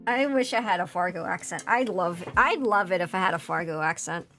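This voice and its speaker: Faint background music plays as this woman, a VTuber with a Philadelphia accent, builds a model kit and chats loosely, full of fillers and restarts. Her voice is fairly low, animated, brisk, and a bit bright.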